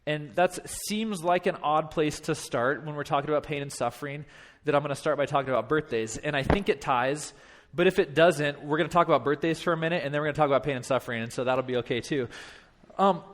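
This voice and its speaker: Animated storytelling pastor in his thirties. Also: on the high side, fast talker. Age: 30s. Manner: animated, self-deprecating, frequent restarts. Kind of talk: storytelling sermon. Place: church.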